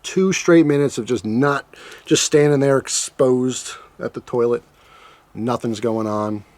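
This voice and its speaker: A man's voice: mid-range voice, a little slow, a little mellow, no echo. A man casually telling a personal story to his viewers, joking and acting out his own reactions. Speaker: storytime vlogger.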